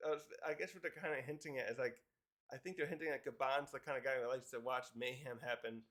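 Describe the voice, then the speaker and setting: A man's voice: medium pitch, fast, fairly bright tone. A man casually recapping a comic chapter, rambling with fillers and chuckles. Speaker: manga reviewer.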